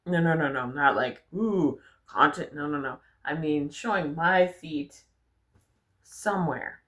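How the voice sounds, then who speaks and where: A young adult woman with a notably low, deep voice talks straight to camera. Her storytelling is candid and animated, full of casual profanity. It sounds like an unscripted personal vlog. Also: unhurried. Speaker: vlogger.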